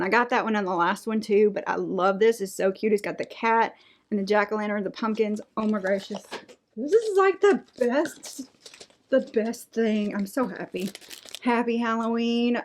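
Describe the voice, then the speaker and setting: A middle-aged woman, chatting excitedly as she unboxes craft items and reads out prices. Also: on the high side, a little hiss or hum. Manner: gushing, enthusiastic, reads out prices. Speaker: unboxing vlogger. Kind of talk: casual unboxing chat.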